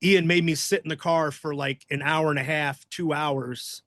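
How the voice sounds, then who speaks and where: A man's voice: fairly high pitch, steady tone, moderate pace, fairly bright tone, dry recording, studio quality. A man, a former wrestler and podcast guest, telling rambling, profane stories in casual chat. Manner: profane, rambling, acts out quoted voices. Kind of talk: casual storytelling.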